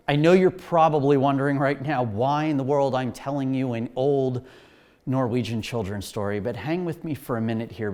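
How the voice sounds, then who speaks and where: A man's voice: mid-range voice, darkish tone. A man preaching a sermon as pastor, telling a story with enthusiasm.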